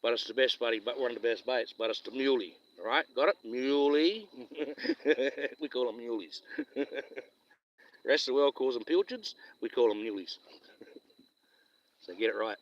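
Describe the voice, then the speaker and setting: A man's voice: mid-range voice, moderate pace, long pauses, dull audio. A man with a Western Australian accent chatting and telling stories on a live stream while fishing outdoors, rambling and chuckling as he goes. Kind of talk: casual live-stream chat.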